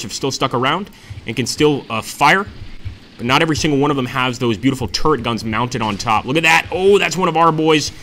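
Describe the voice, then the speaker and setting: A man's voice: mid-range voice, bright, forceful tone, slight background noise. A man giving enthusiastic let's-play commentary on a war strategy game, often calling his viewers "guys". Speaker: gameplay commentator.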